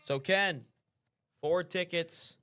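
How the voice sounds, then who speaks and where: A man's voice: high-pitched, slow, background noise. A man co-hosting a live show, talking in an easygoing, chatty, upbeat way. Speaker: co-host. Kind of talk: casual live show chat.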